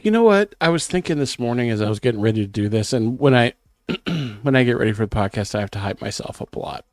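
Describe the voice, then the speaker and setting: A middle-aged man, a bit sick, co-hosting a casual podcast and talking about himself in self-conscious, animated bursts. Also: on the low side, quick pace, no echo, studio quality. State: sick, clearing throat. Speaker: podcast co-host. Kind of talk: casual chat.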